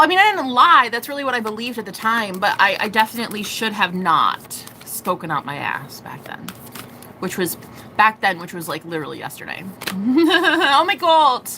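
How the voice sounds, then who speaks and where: A young woman giving a live tarot reading, animated and profane, acting out quoted voices. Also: medium pitch, brisk, slight background noise. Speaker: tarot reader.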